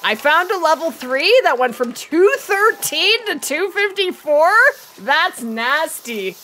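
A woman hosting a live gaming stream, chatty and excitable, laughing often as she reads out chat, while she is losing her voice. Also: very high-pitched, a little slow, a little hiss or hum. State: losing her voice, throat not clearing. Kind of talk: live gameplay commentary.

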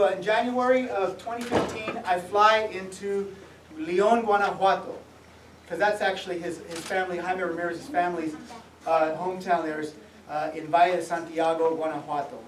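A man's voice: high-pitched, steady tone, normal speed, slight background noise. A man, an author, giving a public talk in a museum event space and telling his story with laughs, acting out the people in it. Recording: echoey room, mic from far off.

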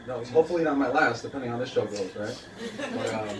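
A man's voice: mid-range voice, fast talker. A man doing an open-mic stand-up set in a small coffeehouse, talking to the crowd with loose "uh"s. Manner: conversational, with filler "uh"s and crowd asides. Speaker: stand-up comedian. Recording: echoey room, distant mic, loud noise.

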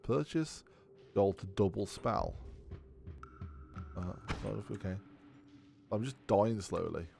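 A low-voiced man with a gravelly edge talks through a game as he plays it. His pitch swings widely, and he swears freely and yelps when something surprises him. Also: expressive, slow pace, long pauses, darkish tone, soft background music. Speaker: gaming video creator. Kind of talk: let's play commentary, thinking aloud.

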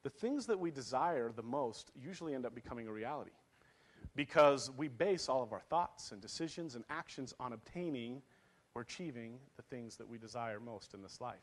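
A man's voice: mid-range voice, expressive, moderate pace. A man in his thirties preaching a sermon, telling a family story with laughs and acted quotes before reading scripture. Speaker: pastor.

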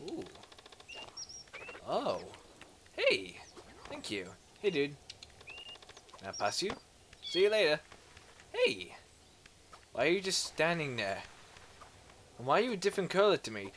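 A man giving casual let's play commentary, playfully talking to game creatures and breaking into excitable exclamations. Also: on the high side, slight background noise.

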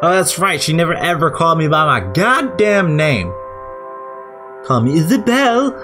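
A man's voice: on the high side, very animated, normal speed, over music. A man giving casual let's-play commentary, rambling and irreverent, swearing now and then. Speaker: gamer.

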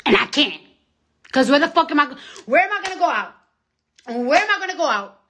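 A young woman from the New York area talking to viewers on a phone live stream, rambling and swearing, swinging between loud outbursts and near-whispers. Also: high-pitched, big pitch swings, fairly quick. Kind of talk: casual live-stream rant.

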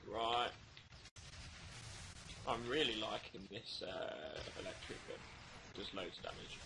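A man playing a co-op game with a friend, teasing him in relaxed, laid-back chat. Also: lowish voice, slow. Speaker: co-player. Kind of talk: casual co-op gaming commentary. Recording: clear background noise.

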